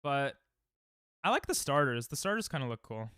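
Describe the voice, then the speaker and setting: A man's voice: mid-range voice, sing-song, moderate pace, fairly bright tone, smooth, dry recording, studio quality. A young man casually chatting with viewers during a livestream, rambling and self-deprecating, often restarting his sentences. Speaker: streamer. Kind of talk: casual livestream chat while speedrunning.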